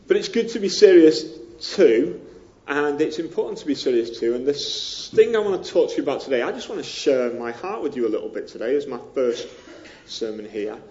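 A pastor with a northern English accent from near Liverpool gives a sermon in a chatty, self-deprecating way, with many ums. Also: male voice, medium pitch, sing-song, normal speed, pauses often, a little mellow, dull audio, slight background noise. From northern England.

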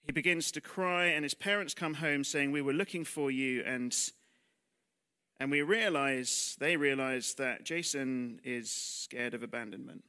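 A man's voice: medium pitch, a little slow, pushed and bright, clear, resonant tone. A man preaching a sermon in church, talking conversationally with rhetorical questions and self-deprecating asides, dropping almost to a whisper on heavy lines.

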